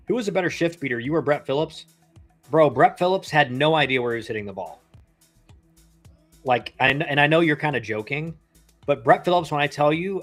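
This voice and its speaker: A man in his thirties, a former pro ballplayer, casually commenting on a live game, chatty and rambling with slangy asides. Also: a little high. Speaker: livestream baseball commentator, former pro player.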